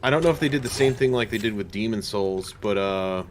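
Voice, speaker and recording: A man talking in a relaxed, easygoing way while playing a co-op game with a friend. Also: fairly low pitch, brisk, a little hiss or hum. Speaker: co-op game partner. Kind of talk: casual gameplay chat.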